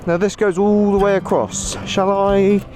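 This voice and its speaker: Young man, slightly high voice, casual self-mocking ride commentary over music. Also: level tone, a little slow. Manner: exclaiming, laughing at himself, swearing. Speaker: motorcycle vlogger. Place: outdoors on a motorbike trail. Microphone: action camera with portable recorder.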